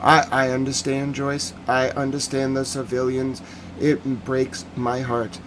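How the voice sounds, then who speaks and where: Male stream host, mid-pitched voice, heated and emotional commentary, reads chat aloud. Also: monotone, unhurried, fairly bright tone, a little hiss or hum. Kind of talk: live-stream news commentary.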